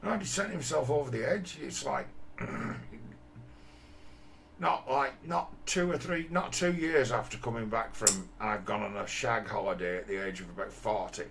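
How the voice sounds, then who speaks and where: A man's voice: lowish voice, a little slow, gravelly, fairly bright tone, slight background noise. A man, talking bluntly in a rambling, profane monologue full of restarts. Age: 50s. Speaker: commentator.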